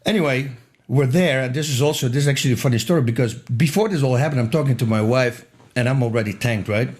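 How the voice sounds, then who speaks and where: Animated man telling a wild story. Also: medium pitch, quick pace. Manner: lively, laughing often, repeats words for emphasis. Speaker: podcast guest. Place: podcast studio. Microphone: studio microphone.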